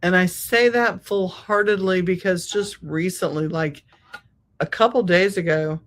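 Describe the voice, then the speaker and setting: A spiritual healer hosts a podcast, working through a reflective monologue at an unhurried pace and laying out each thought slowly. Her medium-pitched, fairly bright voice repeats key words and phrases for emphasis.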